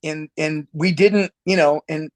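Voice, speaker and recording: A man, a musician guest, telling a story in a casual interview, rambling and halting with laughs and acted-out quotes. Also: fairly high pitch, fairly even intonation.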